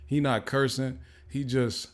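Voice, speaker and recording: A man hosting a podcast who reacts to courtroom footage in an animated, amused and slangy way. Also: medium pitch, a little slow. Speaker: podcast host. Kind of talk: casual reaction commentary.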